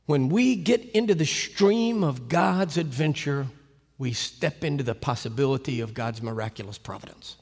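An American man preaching, telling a story with animated, sudden loud swings and emphatic delivery. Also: mid-range voice, normal speed. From United States. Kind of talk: sermon storytelling. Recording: echoey hall reverb.

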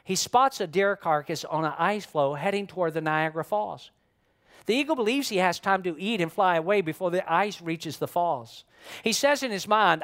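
A male pastor preaching a sermon to a room, voicing a struggling person's inner thoughts with sudden swings between loud and hushed. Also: normal speed. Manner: impassioned, acts out inner voices with sharp swings in pitch and loudness.

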